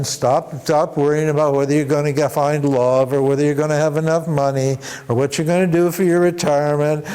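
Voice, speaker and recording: A man's voice: fairly high pitch, darkish tone, clean tone. A man teaching a workshop on devotion, with chuckling asides and frequent rhetorical "huh?" as he tells stories. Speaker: spiritual teacher.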